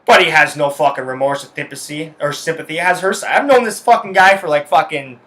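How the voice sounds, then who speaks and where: Bright-voiced man ranting angrily. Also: on the high side, a little fast, hardly any pauses. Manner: heated, swears constantly, repeats himself. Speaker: podcast host. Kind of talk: angry personal rant. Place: his home.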